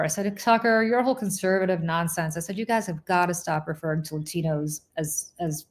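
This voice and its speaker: Woman, podcast host, animated storytelling, laughs often. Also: lowish voice, brisk, hardly any pauses. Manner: animated, laughing, acts out quoted voices. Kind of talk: casual storytelling chat.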